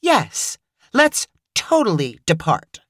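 A woman's voice: on the low side, huge pitch swings, slow, fairly bright tone, husky, no room sound, clean studio sound, heavily acted. A woman voicing an exasperated young woman who answers sharply and sarcastically.

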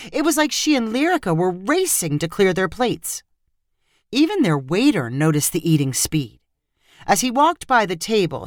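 A woman narrating a story aloud with clear, expressive reading. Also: medium pitch, no room sound, clean studio sound.

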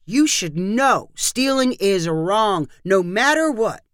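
A woman's voice: medium pitch, lively intonation, slow, dry recording, studio quality. A woman voicing a flustered suburban father who scolds the kids earnestly.

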